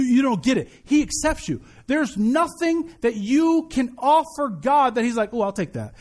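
A middle-aged man pastor preaching a sermon, an animated, joking storyteller who repeats his key points. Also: high voice.

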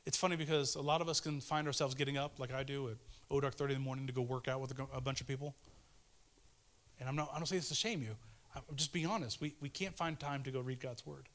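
A man in his thirties giving a casual, earnest devotional sermon, pleading with listeners and swinging between fervent urgency and hushed tenderness. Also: mid-range voice, fairly even intonation, quick pace. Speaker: preacher.

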